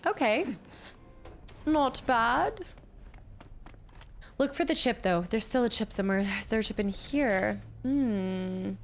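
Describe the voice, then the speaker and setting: A woman streamer chatting through a game, thanking viewers and reacting loudly to the action. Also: on the high side, animated, slow, pauses often, soft background music. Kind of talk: live gameplay commentary.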